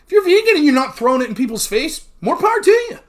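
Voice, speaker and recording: A man hosting a livestream, talking casually in a blunt, profane rant and pausing to thank chat viewers. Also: extremely high pitch, very animated. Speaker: livestream host.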